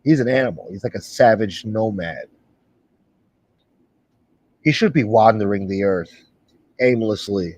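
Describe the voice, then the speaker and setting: A man's voice: lowish voice, a little mellow, no echo, dull audio. A male livestream host in a casual, profane rant, blunt and sarcastic, swearing often.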